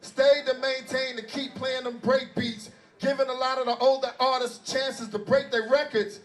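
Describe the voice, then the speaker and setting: A man telling stories to a live crowd on a club stage, loud and profane, often shouting. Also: very high voice, little pitch movement, moderate pace. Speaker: performer on stage.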